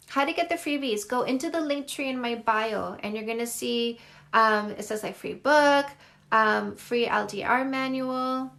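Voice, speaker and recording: A middle-aged Canadian woman speaks in a high, creaky, bright voice with a forceful tone. Hosting a live stream on her phone as a dating coach, she chats casually, gushing over viewer comments in a quick, effusive, chatty manner.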